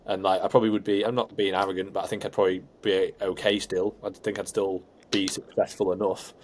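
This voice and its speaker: A man's voice: deep voice, level tone, quick pace, slight background noise. A young man, co-hosting a podcast, laid-back and rambling with lots of fillers. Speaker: podcast co-host. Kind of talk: casual chat.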